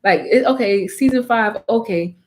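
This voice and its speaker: A woman giving a casual anime review, talking in an animated, emphatic way with plenty of slang. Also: a little high, moderate pace.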